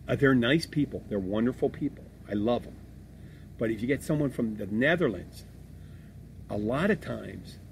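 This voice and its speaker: A middle-aged man hosting a casual podcast about bar work, talking in a rambling, profane way with many restarts. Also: mid-range voice. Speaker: podcast host, bartender. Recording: faint background noise.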